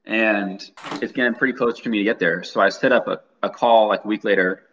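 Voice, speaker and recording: Young male co-host, low voice, rambling storyteller, dull lo-fi sound. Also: steady tone, brisk, a bit bright, a little hiss or hum. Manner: rambling anecdote teller, restarts often. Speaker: podcast co-host. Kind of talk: casual storytelling.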